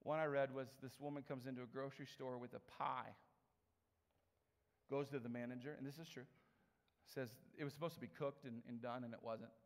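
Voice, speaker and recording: A man's voice: mid-range voice, brisk. Storytelling male preacher in a reverberant hall. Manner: conversational storytelling with animated quoted voices. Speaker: pastor. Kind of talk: sermon. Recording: long reverb of a large hall.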